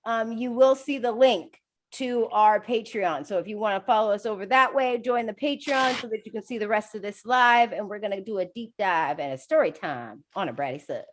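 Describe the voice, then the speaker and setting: A woman co-hosting a casual group chat on a video call, laughing often and talking in an animated way. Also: mid-range voice, moderate pace. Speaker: co-host.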